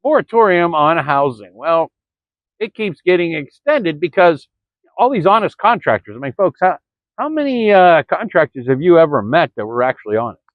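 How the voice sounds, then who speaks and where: A man's voice: fairly high pitch, very animated, moderate pace, dry recording. A man in a rambling vlog monologue, stumbling over words and calling his listeners "folks.". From Florida. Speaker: vlogger. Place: early morning, indoors or near the camera. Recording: dry, dull lo-fi sound.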